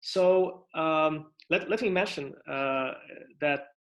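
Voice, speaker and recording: A man giving an online conference lecture on physics, talking in a halting way with many restarts and fillers and inviting questions. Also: fairly high pitch. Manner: asks for questions and interruptions. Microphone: computer mic on video call.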